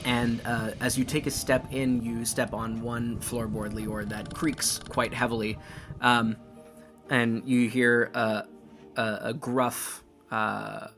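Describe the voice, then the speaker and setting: A man's voice: medium pitch, level tone, slow, fairly bright tone, faint music behind. A man narrating as game master of a tabletop game, rambling with many fillers.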